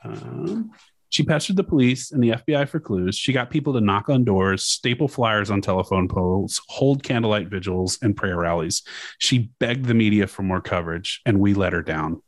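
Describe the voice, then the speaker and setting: Low-voiced man on a dry mic. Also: expressive, no echo. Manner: casual, profane, halting with fillers. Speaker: podcast host. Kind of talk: casual chat reading news quotes aloud.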